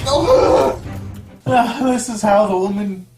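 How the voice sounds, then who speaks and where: A young woman hosts a casual vlog with a friend, playful and giggly, slipping into sing-song teasing. Her mid-range voice is very slow and heard over music, recorded in an echoey room with the mic at a distance.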